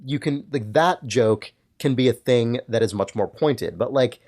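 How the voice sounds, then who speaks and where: A man's voice: mid-range voice, a little slow, darkish tone. A man co-hosting a podcast in casual discussion, thinking aloud in long, hedged sentences full of filler words. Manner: thoughtful, hedging, many filler likes. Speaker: podcast co-host.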